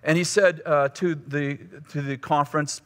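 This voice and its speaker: A man's voice: on the high side, fairly even intonation, normal speed. A male pastor teaching a course session in a conversational, teasing way, often restarting his phrases. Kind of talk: teaching sermon with humor. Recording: long hall reverb.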